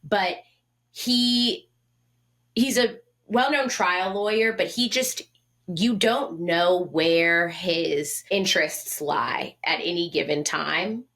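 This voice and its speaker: A woman's voice: lowish voice, slow, fairly bright tone. A woman in her twenties co-hosting a podcast in casual chat, blunt and wry in how she puts things. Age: 20s. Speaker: podcast co-host.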